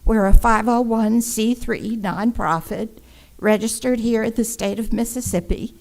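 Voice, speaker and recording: A woman volunteer for a nonprofit giving a prepared public presentation at a council meeting, measured, polite and organized. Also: fairly high pitch, steady tone, gravelly, darkish tone, rough recording.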